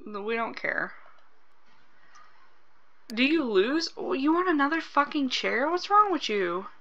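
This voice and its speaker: Woman, let's play commentary, unhurried, crisp bright tone, casual cursing. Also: sits high, very animated, highs cut off. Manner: chatty, swears freely, reacts aloud to the game. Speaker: gaming channel host.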